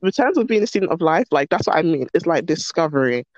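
A woman's voice: deep voice, fast talker, dry recording, muffled recording. A woman talking as a podcast guest in casual, bubbly chat that pokes fun at herself. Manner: bubbly, animated, self-mocking.

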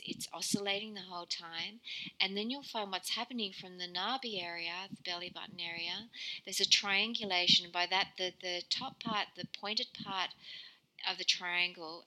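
Bright-voiced woman guiding a meditation. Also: lowish voice, low-quality recording. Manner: soft, meandering, with giggles. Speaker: meditation guide. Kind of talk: guided meditation.

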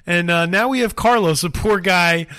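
A man's voice: high voice, moderate pace, bright, forceful tone, no echo, studio quality. A man co-hosting a podcast, chatting casually and rambling through a story with lots of fillers and laughs. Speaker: podcast co-host. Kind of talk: casual chat.

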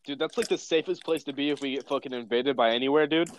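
A man's voice: mid-range voice, fast, slight background noise. A young man chatting casually, telling rambling stories full of slang and swearing. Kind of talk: casual chat.

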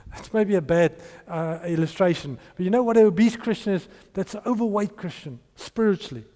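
A man's voice: high-pitched, expressive, moderate pace, mellow, in a large hall. A man preaching a sermon and telling a story, acting out the dialogue in changing voices.

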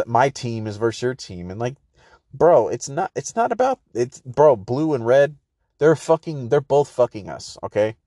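A man's voice: on the low side, warm tone, no room sound, clean studio sound. A man hosting a podcast in a casual political rant, rambling and profane, full of filler words and "bro". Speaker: podcast host.

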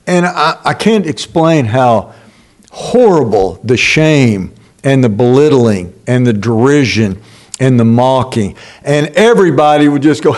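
Older male pastor, unhurried emphatic preaching, slightly high voice, halting restarts. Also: lively intonation, darkish tone. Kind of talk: sermon.

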